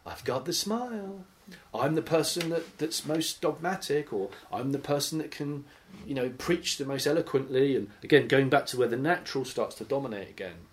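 A man gives an informal teaching sermon to a small group. His delivery is conversational and animated, with a middle-pitched voice. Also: brisk. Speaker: Bible study leader.

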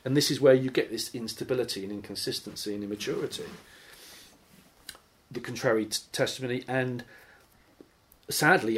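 A man gives an informal teaching sermon to a small group. His delivery is conversational and animated, with a middle-pitched voice. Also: moderate pace. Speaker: Bible study leader.

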